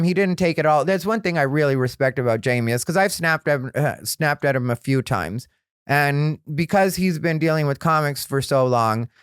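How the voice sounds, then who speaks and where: A male comedian hosting his own podcast, telling stories in a frank, rambling way that grows animated. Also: fairly high pitch, smooth, dry recording, studio quality. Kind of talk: candid solo podcast storytelling.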